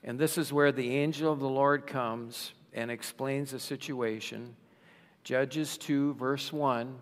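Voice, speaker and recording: A man preaching a sermon in a slow, emphatic way, raising his voice for rhetorical questions. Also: medium pitch, steady tone. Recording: long reverb of a large hall.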